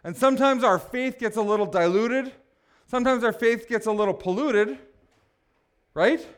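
A man preaching a sermon, building to passionate shouts and breaking off for joking asides. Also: extremely high pitch, normal speed, smooth. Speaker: pastor.

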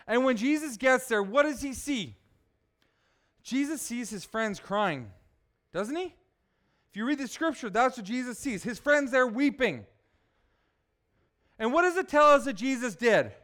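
A man's voice: extremely high pitch, lively intonation, unhurried, long pauses, a bit bright. A man preaching a sermon in church, emphatic and often asking the congregation questions. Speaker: pastor.

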